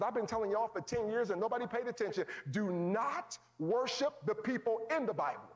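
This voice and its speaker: A man preaching a sermon as pastor, calling out to his congregation, swinging from shouts to hushed low tones. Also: lively intonation, brisk, hardly any pauses. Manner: calls out to the congregation, folksy phrasing.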